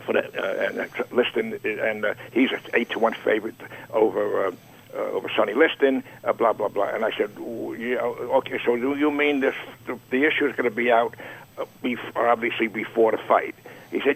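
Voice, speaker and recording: An older man telling an anecdote in an interview, acting out the quoted dialogue with lively voice shifts. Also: medium pitch, brisk, creaky, breathy edge, rough recording. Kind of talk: anecdotal storytelling.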